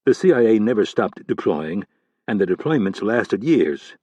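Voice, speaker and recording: A man reading a spy thriller audiobook in a steady, even scripted narration. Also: lowish voice, moderate pace, slightly rough, no echo.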